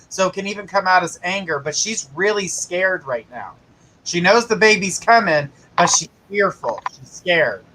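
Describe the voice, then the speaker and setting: A man's voice: sits high, background noise. A man hosting a live psychic show, giving casual, reassuring readings and direct advice to a caller. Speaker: psychic host.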